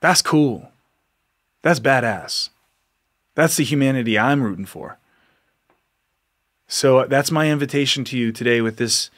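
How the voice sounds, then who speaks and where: A man's voice: mid-range voice, a bit bright. A man hosting a podcast, giving an earnest, exhorting motivational monologue, often repeating himself and laughing between lines. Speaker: podcast host.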